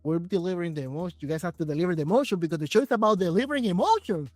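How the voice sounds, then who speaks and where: A man hosting an interview podcast, asking long questions in a halting way with restarts. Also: high-pitched, dry recording, soft background music. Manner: halting, restarts, searches for words. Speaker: podcast host.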